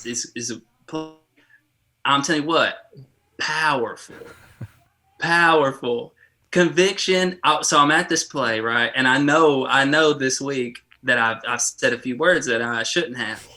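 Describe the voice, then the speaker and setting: A man co-hosting a church podcast, telling a childhood story in a lively, chatty way with many restarts. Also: medium pitch, measured pace. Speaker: podcast co-host. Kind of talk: casual storytelling chat.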